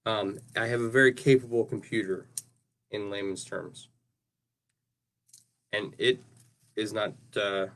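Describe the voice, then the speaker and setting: Guy rambling on a craft livestream, lowish voice, keeps saying right?. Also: steady tone, measured pace, long pauses, fairly bright tone. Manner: rambling, often tags sentences with "right?". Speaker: chainmail maker livestreaming his work. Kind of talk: casual livestream talk while working.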